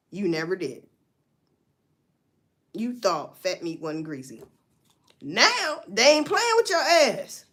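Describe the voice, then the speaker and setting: A woman's voice: a little high, fairly bright tone. A woman hosting a casual livestream, giving blunt, profane commentary and talking straight to her viewers. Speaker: livestream host.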